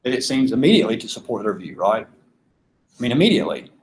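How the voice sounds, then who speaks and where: In a low-quality recording, a Georgia-accented man teaches philosophy in a loose, talkative style, asking his students questions and frequently laughing. His voice is medium-pitched, very animated, somewhat dark in tone, and a little fast.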